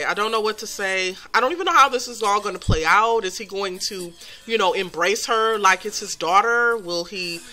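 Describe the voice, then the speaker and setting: In a pushed, bright, medium-pitched voice, a woman narrates the story of her life-sim let's play series. She comments casually on the gameplay, gossiping and giggling with plenty of fillers.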